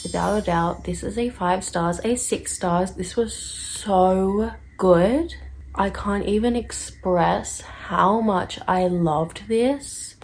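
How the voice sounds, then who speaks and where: A woman chatting casually in a reading vlog, gushing and excitable, repeating herself and laughing often. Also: lowish voice. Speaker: book vlogger.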